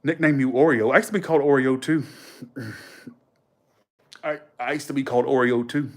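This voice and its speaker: A man's voice: mid-range voice, steady tone, normal speed. Rambling man chatting on a livestream. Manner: rambling, slangy, laughs often. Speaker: livestream host. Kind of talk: casual livestream chat.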